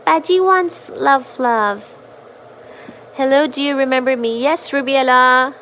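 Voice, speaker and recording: Woman host for a relaxed home stream: high-pitched, slow and easy, chatty, slips into baby talk for her cat. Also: slight background noise. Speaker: livestream host reading chat. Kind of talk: casual livestream chat.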